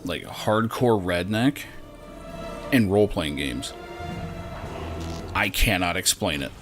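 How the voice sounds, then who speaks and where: A man's voice: low-pitched, expressive, slow. A young man giving casual, rambling commentary while playing a game, swearing and laughing often. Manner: rambling, profane, laughs a lot. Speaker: streamer. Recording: game music behind the voice.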